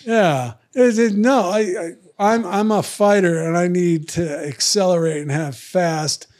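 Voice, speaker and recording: A man's voice: high voice, a little slow, a little mellow. A middle-aged man telling stories in casual chat, blunt and profane, acting out both sides of old arguments. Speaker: guest. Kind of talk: casual storytelling.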